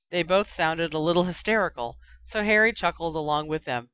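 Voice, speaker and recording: A narrator giving a steady, even reading of a story. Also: mid-range voice, a little fast, hardly any pauses, smooth, no room sound. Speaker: audiobook narrator. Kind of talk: reading fan fiction aloud.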